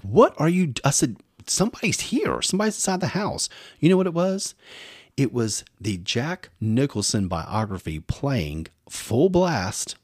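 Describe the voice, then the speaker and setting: A man, co-hosting a podcast and telling animated stories, acting out voices as he goes. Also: fairly low pitch, dry recording, studio quality. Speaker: podcast co-host. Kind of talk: casual storytelling chat.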